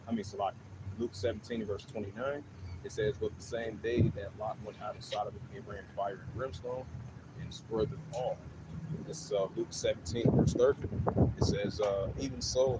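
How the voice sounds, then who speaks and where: A man preaching outdoors on a city street, reading scripture verse by verse with frequent fillers. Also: on the low side. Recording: noisy outdoor street recording. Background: loud traffic noise.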